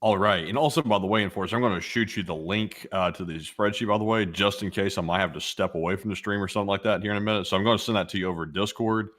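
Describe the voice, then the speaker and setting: A man co-hosting a livestream, reading out viewer donations in a brisk, routine manner. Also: lowish voice, a bit bright. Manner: brisk, routine super chat readouts. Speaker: news channel co-host. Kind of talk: livestream chat, reading super chats.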